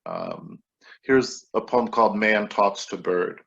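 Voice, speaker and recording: A man reading his own poems aloud with relaxed, wry asides between them, heard over a video call. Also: on the low side, slow, creaky. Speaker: poet reading his work. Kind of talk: poetry reading. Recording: dull lo-fi video-call audio.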